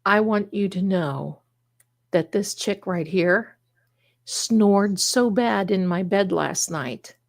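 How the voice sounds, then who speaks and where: A woman's voice: medium pitch, slow, gravelly. A woman hosting a psychic livestream, chatting casually and rambling, calling her viewers "my darlings.". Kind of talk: casual live-stream chat.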